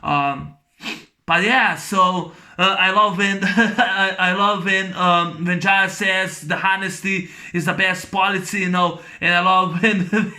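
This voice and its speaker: Movie reviewer, male, high-pitched and bright; casual rambling recap, many fillers, bursts into sound effects. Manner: laughs while recounting scenes.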